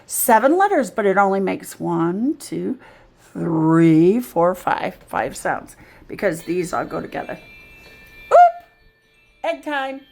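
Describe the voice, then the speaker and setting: A woman reading tutor giving a patient, drawn-out phonics lesson. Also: on the low side, big pitch swings, vocal fry.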